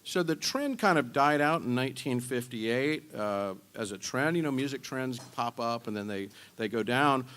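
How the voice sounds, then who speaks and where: A man speaking at a university symposium, explaining music history in a relaxed, conversational way. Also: medium pitch, moderate pace, few pauses, a little hiss or hum. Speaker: symposium lecturer.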